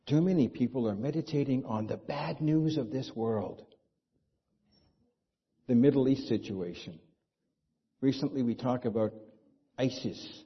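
Husky-voiced man preaching a sermon. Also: mid-range voice, measured pace, pauses often. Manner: conversational preaching with rhetorical questions. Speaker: pastor. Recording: dull lo-fi sound.

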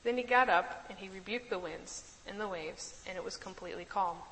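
Bright-voiced woman teaching a Bible study. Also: mid-range voice, fairly quick, long reverb tail, slight background noise, poor audio. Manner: chatty, laughs easily, keeps asking "right?".

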